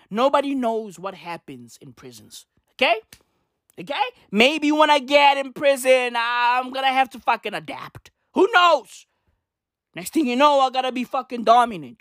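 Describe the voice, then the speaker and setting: A man's voice: very high voice, a bit bright, no room sound, studio quality. A man doing a profane comic rant, rambling and repetitive, mock-swaggering and constantly calling the listener bruv. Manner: rambling, repetitive, keeps saying bruv and right; swears heavily, mock-swaggering.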